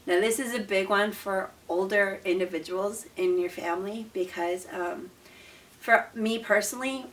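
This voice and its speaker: A young mother speaks earnestly and calmly, counting off practical tips one at a time. Her voice sits at an ordinary middle pitch. The mic is set back from her, so she sounds slightly distant. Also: moderate pace. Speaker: parent of an autistic child, author. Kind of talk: advice talk to camera.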